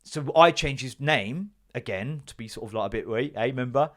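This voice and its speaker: A man's voice: medium pitch, a little fast. Exasperated man ranting comically. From Britain. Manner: animated, exasperated, swears freely. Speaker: podcast host. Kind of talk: comedic storytelling rant.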